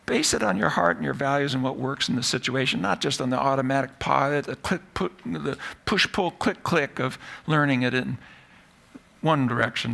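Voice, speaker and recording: A man's voice: medium pitch, creaky, bright, forceful tone. A man, a psychology professor, giving a live talk to an audience in a playful, self-mocking way. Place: stage before a live audience.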